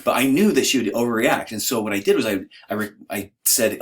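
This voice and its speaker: A man's voice: on the low side, fast, hardly any pauses, a bit bright, breathy edge. A man giving an informal, conversational lecture in a hesitant, self-deprecating way.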